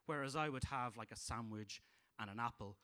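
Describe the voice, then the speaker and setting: A man's voice: mid-range voice, a little fast, bright, forceful tone. A man with a Dublin Irish accent performing a stand-up set, dry and hesitant with frequent ums and restarts. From Ireland. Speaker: stand-up comedian.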